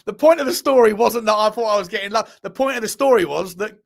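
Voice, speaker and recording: A man with an English accent and a rather high voice hosts a live show. He chats loosely with viewers, swears without a second thought and laughs at himself. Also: fast talker, gravelly. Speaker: host of a live fan show. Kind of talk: casual live-stream chat reacting to viewer messages.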